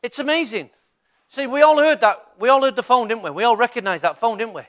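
In church, an older man with a Mancunian accent, a pastor, delivers a lively sermon and puts questions to the congregation. He talks fast in an extremely high-pitched voice.

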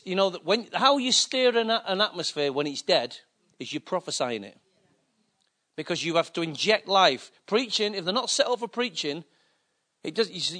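A man preaching a sermon, telling stories and acting out quotes in a lively anecdotal way. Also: fairly high pitch. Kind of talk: sermon storytelling.

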